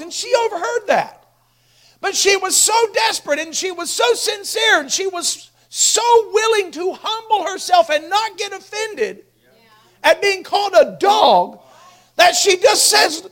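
High-pitched male preacher, fiery sermon with big swings from soft to shouting. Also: animated, normal speed. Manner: impassioned, swings from hushed to shouting.

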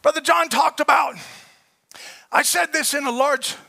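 Male preacher, very high voice, gravelly, bright piercing tone, impassioned sermon. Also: unhurried. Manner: impassioned, shouting, repeating phrases.

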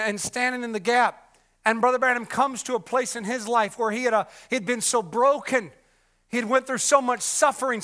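A man preaching a sermon with passion, repeating himself and restarting often, moving between loud cries and hushed murmurs. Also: very high voice, clean tone. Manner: repetitive, restarts with many fillers.

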